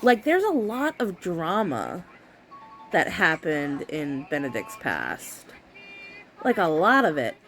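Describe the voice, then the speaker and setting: Brief: woman vlogger, casual chat at home, very animated pitch, sarcastic and laughing. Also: slow pace, soft background music. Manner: exasperated, sarcastic, laughs often. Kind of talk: casual book chat to camera.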